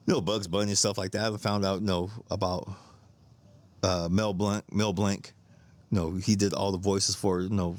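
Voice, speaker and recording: A man's voice: low voice, no echo. A middle-aged man hosting a podcast, telling stories in a rambling, casual way, repeating words, laughing often and swearing freely. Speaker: podcast host. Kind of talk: casual storytelling monologue.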